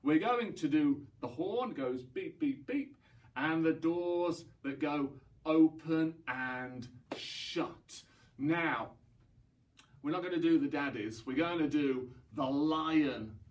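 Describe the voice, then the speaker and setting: Slow, upbeat man leading children's rhymes. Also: fairly high pitch, recorded from a distance. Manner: cheerful, encouraging, talks to young children. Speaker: library rhyme-time leader. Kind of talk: children's song session. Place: indoors, library session streamed online. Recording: voice away from mic.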